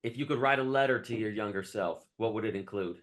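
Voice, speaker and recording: A man's voice: fairly low pitch, quick pace, fairly bright tone. A podcast host asking his guest friendly, encouraging questions. He sounds a bit off-mic, more distant than his guest. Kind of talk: interview questions.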